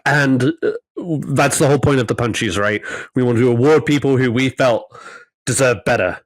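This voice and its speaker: A man's voice: mid-range voice, moderate pace, dry recording, low-quality recording. A man co-hosting a podcast in casual chat, teasing his friends and laughing often. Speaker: podcast co-host.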